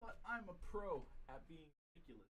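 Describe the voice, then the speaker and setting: A man's voice: on the high side, sing-song, fairly quick, bright, forceful tone. A goofy young man streaming a game, chatting casually and laughing often. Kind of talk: casual gameplay commentary.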